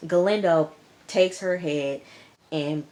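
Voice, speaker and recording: A woman's voice: lowish voice, slow, a little mellow. A young woman casually recapping a TV episode, sassy and talking back to the characters. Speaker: TV episode reviewer.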